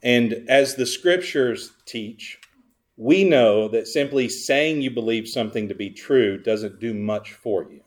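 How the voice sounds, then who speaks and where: Pastor guy mid sermon, sarcastic, keeps quizzing the crowd, goes loud then drops real quiet. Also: medium pitch, measured pace. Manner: sarcastic, rhetorical questions to the congregation; wide swings between loud emphasis and quiet asides.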